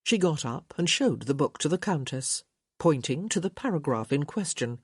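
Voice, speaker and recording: A woman narrating an audiobook in an expressive, measured storytelling manner. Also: deep voice, slightly rough, no room sound, clean studio sound. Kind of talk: scripted narration.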